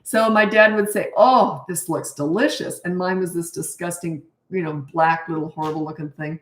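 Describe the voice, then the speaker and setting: A woman's voice: lowish voice, flat delivery, a little fast, fairly bright tone. Chatty woman coach in an echoey room. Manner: chatty, storytelling, self-mocking, restarts and trails off. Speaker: parenting coach, host of live streams. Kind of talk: casual livestream talk.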